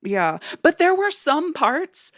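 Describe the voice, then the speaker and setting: A woman co-hosting a relaxed film podcast, her fairly high voice leaping around in pitch. She talks in an animated, chatty way, and the recording sounds dry, with no room echo. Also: takes it slowly. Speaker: podcast co-host. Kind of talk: casual film discussion podcast.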